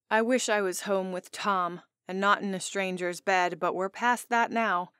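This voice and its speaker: A woman's voice: medium pitch, steady tone, measured pace, few pauses, fairly bright tone, clear, resonant tone, no room sound. A woman narrating a first-person romance audiobook in an intimate, earnest storytelling manner, on a close studio mic.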